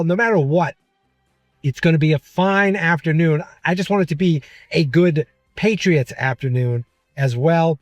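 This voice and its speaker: A man's voice: on the high side, dry recording. Chatty New England man talking while driving. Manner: chatty, rambling, self-correcting. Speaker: podcast host. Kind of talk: casual vlog-style talk.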